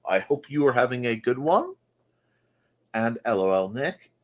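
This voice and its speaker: A man's voice: medium pitch, big pitch swings, measured pace. A man hosting a casual morning chat show, joking and riffing on viewer comments in a goofy manner. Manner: goofy, jokey, mock-announcer asides.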